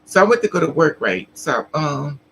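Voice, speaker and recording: A woman's voice: low voice, very animated, normal speed, vocal fry, a bit bright, a little hiss or hum, rough recording. A trans woman telling a story casually to her live chat, laughing often and acting out the other people in it. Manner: chatty, laughing, acts out other people's lines. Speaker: vlogger.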